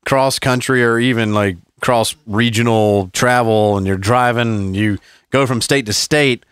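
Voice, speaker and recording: Profane Southern storyteller, dry close sound. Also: male voice, medium pitch, unhurried, clean tone, dry recording. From American South. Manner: profane storytelling, animated impressions. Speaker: podcast co-host. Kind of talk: casual chat.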